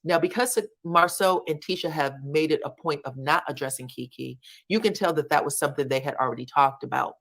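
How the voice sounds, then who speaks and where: A woman with a notably low, deep speaking voice walks through reality TV scenes in a loose, chatty commentary. She talks in an animated, colloquial way and slips into acting out the people she describes. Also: a little fast, gravelly, hardly any pauses. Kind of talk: casual commentary chat.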